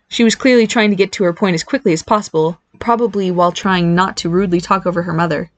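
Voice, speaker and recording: A woman reading a story aloud as audiobook narrator in an even, storytelling manner. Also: on the low side, fast talker, hardly any pauses, no echo. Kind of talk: scripted narration.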